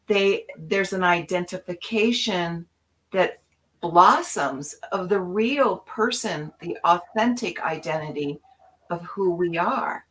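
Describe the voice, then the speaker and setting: A woman co-hosting a spiritual talk show, speaking in an inspirational, animated storytelling way. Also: on the low side, slow pace, poor audio. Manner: animated storyteller acting out her own past voices.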